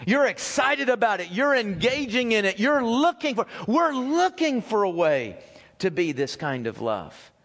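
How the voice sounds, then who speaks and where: Pastor, male, high-pitched, chatty sermon delivery, quizzes the pews, repeats lines, reverberant sanctuary. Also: very animated, measured pace, a bit bright. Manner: conversational, asks the congregation questions, repeats phrases. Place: church sanctuary.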